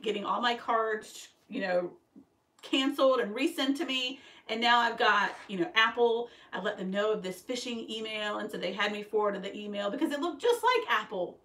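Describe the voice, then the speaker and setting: A woman's voice: on the high side, moderate pace, fairly bright tone. A woman, chatting casually on a live stream from her embroidery workroom and answering viewer comments, often calling herself dumb. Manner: chatty, self-deprecating, reads out viewer comments. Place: home craft workroom with a sewing machine running. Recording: roomy echo, distant mic, faint noise.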